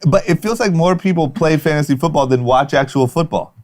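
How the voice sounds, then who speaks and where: A man's voice: on the high side, fairly quick, a little mellow. A man co-hosting a podcast in casual chat, asking questions with a dry, sarcastic edge. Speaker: podcast co-host.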